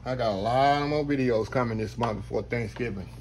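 A man's voice: medium pitch, a little fast, darkish tone, slight background noise. A man hosting a casual cooking demonstration, folksy and talking straight to his viewers. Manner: folksy, talks straight to viewers, says y'all constantly. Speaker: cooking show host.

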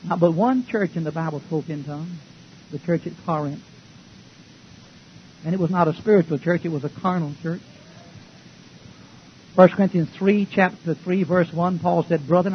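A man's voice: on the high side, steady tone, a little fast, long pauses. A man preaching a sermon in a folksy, emphatic way, throwing rhetorical questions at his congregation. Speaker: pastor. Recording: dull lo-fi recording with faint hiss.

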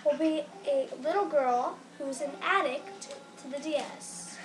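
Brief: high, unhurried young woman hamming it up as a show host. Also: rough recording. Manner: goofy, mock-earnest hosting. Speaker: host of a homemade comedy show. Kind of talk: playful amateur comedy sketch. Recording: loud guitar music behind.

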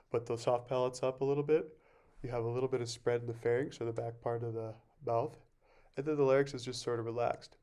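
A man teaching a vocal masterclass, explaining warm-ups and breathing in a relaxed way and breaking off to sing short examples. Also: medium pitch. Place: music camp masterclass recording.

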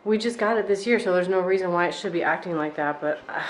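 A woman's voice: on the low side, fast, a little hiss or hum. A woman vlogger chatting casually and wryly from her home kitchen about her errands and chores. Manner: chatty, wry and exasperated. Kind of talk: casual vlog chat.

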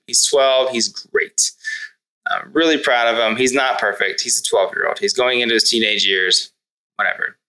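Reflective male guest, crisp bright tone, thinks aloud with rhetorical questions. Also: mid-range voice, rough recording. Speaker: parenting guest. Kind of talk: conversational podcast talk.

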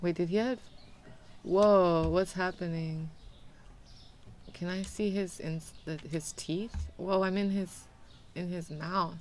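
A woman's voice: lowish voice, fairly even intonation, takes it slowly, long pauses, a little mellow, a little hiss or hum. A young woman streaming a game, chatting animatedly with her viewers and laughing often. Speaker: VTuber streamer. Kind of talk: casual gameplay commentary.

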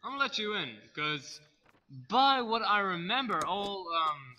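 A young Australian man giving loud, excitable let's play commentary and swearing freely. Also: on the high side, a little hiss or hum. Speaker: gaming YouTuber.

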